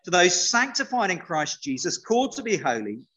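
A man's voice: sits high, sing-song, normal speed, pushed and bright. A man preaching an all-age sermon, playful and interactive, chatting with children.

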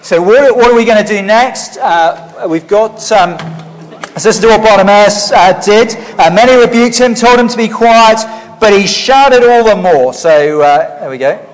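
A man preaching an interactive sermon in a church, leading the congregation in call-and-response shouting. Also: high voice, normal speed. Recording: reverberant church hall.

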